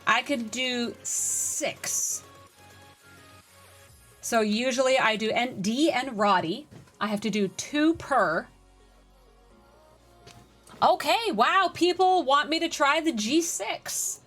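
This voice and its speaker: Woman streaming a game, fairly high voice, chatty and excitable, answering chat, bit of music under it. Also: slow, pauses often. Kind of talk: casual live-stream chat.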